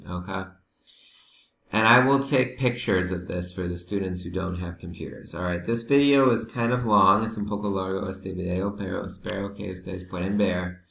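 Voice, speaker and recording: A man teaching a slow, patient vocabulary lesson who switches into Spanish to help his learners. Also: on the low side, gravelly, fairly bright tone, roomy sound.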